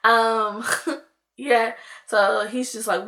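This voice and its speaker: A woman's voice: fairly high pitch, fairly even intonation, slow, a bit bright. A young woman, chatting to viewers in a casual storytime vlog, full of "like" and "y'all". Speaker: vlogger.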